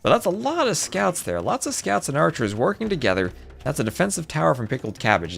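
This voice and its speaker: A man commentating a live strategy game tournament, chatty and excitable, chatting with viewers between plays, with faint music behind. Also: on the high side, fairly quick, creaky, hardly any pauses, husky. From New Jersey. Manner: chatty, reads chat aloud, excitable outbursts. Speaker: esports caster.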